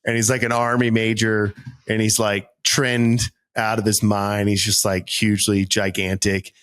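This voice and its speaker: A man in his thirties from Worcester, Massachusetts, co-hosting a podcast and telling stories in casual chat, acting out both sides of a conversation in a raised, animated voice. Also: on the low side, unhurried. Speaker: podcast co-host.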